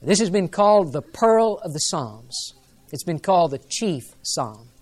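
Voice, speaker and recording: A man's voice: high voice, very animated, a little slow. A male pastor preaching a sermon in an earnest, reverent way, building to emphatic rises.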